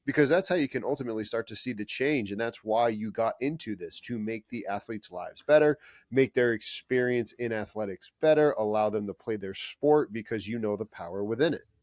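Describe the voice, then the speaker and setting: Male podcast host, mid pitch, earnest motivational tone, dry close recording. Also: fairly quick, darkish tone, no room sound. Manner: earnest and motivational, speaking to listeners. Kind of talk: casual podcast chat.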